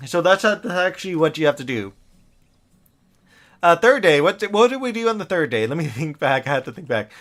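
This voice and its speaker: A man's voice: fairly high pitch, a bit bright. A middle-aged man from the United States, chatting casually and rambling on a live gaming stream, laughing often and talking to the characters in his game. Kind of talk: casual live-stream chat while playing.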